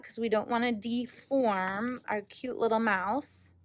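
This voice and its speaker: A woman teaching an art lesson to children, gentle and encouraging, asking the class questions and dropping to a whisper while she paints. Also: fairly high pitch, lively intonation, unhurried, hardly any pauses, no room sound.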